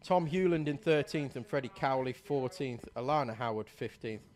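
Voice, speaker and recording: A man's voice: medium pitch, normal speed, darkish tone. A man giving live commentary on a kart race, reading out positions and talking with a co-commentator. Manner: reads out positions, lifts voice at race start.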